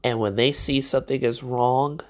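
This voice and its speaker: A woman's voice: rumbling low, steady tone, moderate pace. A woman hosting a motivational podcast, talking straight to the listener in a conversational, encouraging way. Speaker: podcast host.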